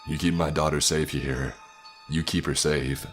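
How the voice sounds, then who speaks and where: A man voicing a gruff, protective middle-aged father who speaks in a stern, commanding drawl. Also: very deep voice, fairly even intonation, normal speed, faint music behind.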